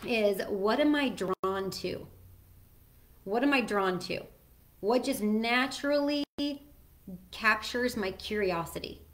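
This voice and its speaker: A woman hosting a casual solo talk, chatty and earnest, with frequent ums and self-corrections. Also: fairly high pitch. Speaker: host sharing personal advice.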